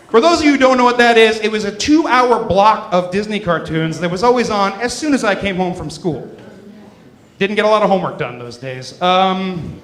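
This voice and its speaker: A man in his late twenties doing a stand-up set in a comedy club, dry and deadpan between sudden character voices. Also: sits high. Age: 20s. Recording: roomy club sound.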